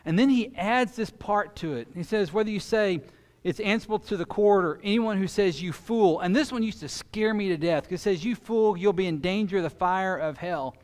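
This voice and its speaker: Pastor, male, higher voice, animated sermon delivery, long hall reverb. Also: moderate pace. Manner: animated preaching that swings between loud emphasis and quiet intensity.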